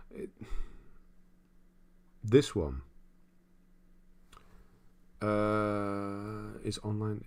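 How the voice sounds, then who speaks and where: Low-voiced man chatting on a livestream. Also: vocal fry, a little mellow. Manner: rambling, chuckles often, thinks aloud. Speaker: livestream host reading viewer comments. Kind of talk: casual live-stream chat.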